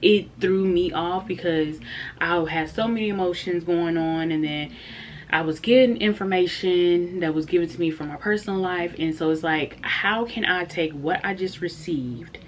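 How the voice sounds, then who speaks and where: A young woman talks straight to her viewers in a casual storytime vlog, candid and heartfelt, with lots of fillers as she goes. Her voice sits a little low. A faint hum runs behind her. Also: normal speed. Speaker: vlogger.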